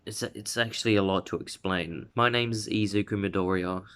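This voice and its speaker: A man's voice: on the low side, steady tone, normal speed, a bit bright, clean tone, lightly acted. A man voicing a shy, polite teenage boy hero in a fan story, timid and stammering.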